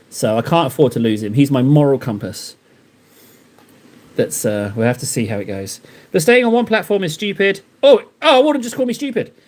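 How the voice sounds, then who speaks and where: A man's voice: medium pitch, a little mellow. A man chatting casually on a live stream while painting miniatures, rambling and joking in reply to his viewers. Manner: rambling, joking replies to chat.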